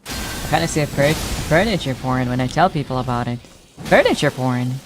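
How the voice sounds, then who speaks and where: A man's voice: mid-range voice, expressive, normal speed, over music. A man streaming a game, chatting casually, teasing his viewers and laughing often as he reacts to chat. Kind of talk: casual live-stream chat while playing.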